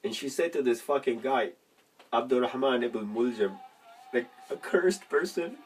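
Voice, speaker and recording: A man's voice: medium pitch, moderate pace, slight background noise. A man telling a religious story and ranting in a casual, profane, rambling monologue, laughing mid-sentence. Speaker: religious vlogger. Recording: distant from the mic.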